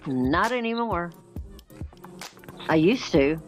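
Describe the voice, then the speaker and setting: A woman in her sixties, chatting casually and retelling a conversation, acting out the quoted lines with lively jumps in her voice. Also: lowish voice, takes it slowly, soft background music, poor audio. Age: 60s. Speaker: chat participant. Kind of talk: casual chat.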